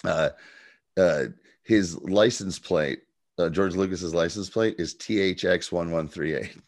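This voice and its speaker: Man, podcast co-host, casual chat, fairly low voice, laughs a lot, swears, acts out quotes. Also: measured pace.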